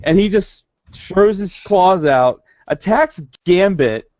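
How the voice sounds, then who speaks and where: A man's voice: sits high, lively intonation, takes it slowly, darkish tone, no room sound. A young man co-hosting a casual podcast, rambling with many restarts. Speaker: podcast co-host. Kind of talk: casual chat.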